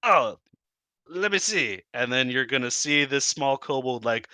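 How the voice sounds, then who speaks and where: A man's voice: medium pitch, animated, unhurried, sharp tone, dry recording. A man narrating as game master in a casual, descriptive way with many fillers.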